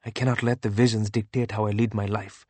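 A man's voice: lowish voice, level tone, brisk, a little mellow, dry recording, close to an everyday voice. A man reading the lines of an earnest man burdened by visions of the future, grave and earnest. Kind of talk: audiobook character reading.

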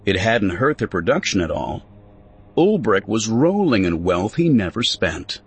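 Low husky male storyteller. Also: measured pace. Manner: expressive storytelling. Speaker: audiobook narrator. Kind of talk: scripted story narration.

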